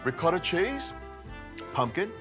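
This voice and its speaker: A man's voice: high-pitched, very animated, measured pace, over music. A middle-aged man, a chef hosting a cooking demonstration, chatty and playful as he explains each step. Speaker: chef host.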